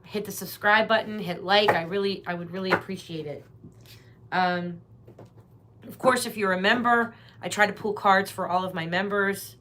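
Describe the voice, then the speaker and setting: A woman's voice: medium pitch, fairly even intonation, normal speed, very noisy. Woman, tarot livestream host, chatty, rambling, casual, addresses viewers.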